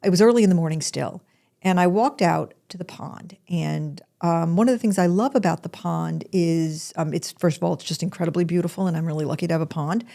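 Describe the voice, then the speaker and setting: Gravelly low-voiced woman telling a story. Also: a little fast, mellow. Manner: chatty and rambling, with frequent restarts and asides. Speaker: podcast host. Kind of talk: personal storytelling monologue.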